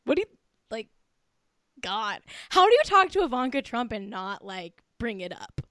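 A woman's voice: a little high, very animated, moderate pace, bright, forceful tone, dry recording, clean studio sound. Tipsy, giggly woman gossip podcaster. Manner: profane, giggly, gossipy, heavy use of "like". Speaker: podcast host. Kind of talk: casual celebrity gossip podcast chat.

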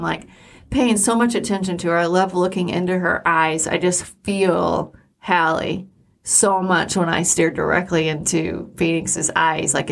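A middle-aged woman with a low, gravelly voice co-hosts a podcast in casual chat. She tells personal stories candidly and with real emotion.

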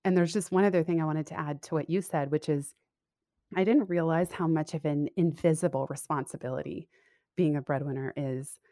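A woman guest talks through a remote interview in a slightly low voice, thoughtful and candid, with frequent small laughs and restarts. The sound is dry, close and free of any room. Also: a little fast, dark tone, no room sound. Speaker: guest, career coach and business owner. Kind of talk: reflective conversational interview. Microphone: remote call audio.

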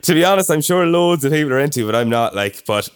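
A man's voice: a little high, fast, smooth. A young Irish man telling a long, chatty anecdote on a casual podcast. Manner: chatty anecdotal storyteller, animated impressions of others. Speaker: podcast co-host. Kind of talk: casual chat, storytelling.

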